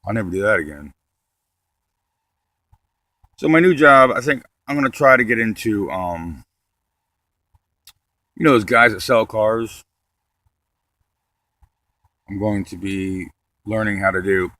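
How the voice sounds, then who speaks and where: A man doing a rambling, deadpan stand-up comedy set and cursing often. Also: fairly low pitch, a little slow, pauses often, no room sound.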